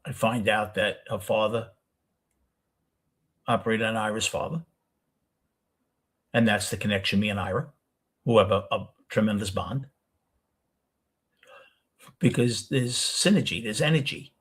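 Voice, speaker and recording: A man's voice: fairly low pitch, unhurried, long pauses, a bit bright, breathy edge. An older man with a New York accent, telling a rambling personal story as the host of a casual talk show. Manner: rambling, self-correcting storyteller.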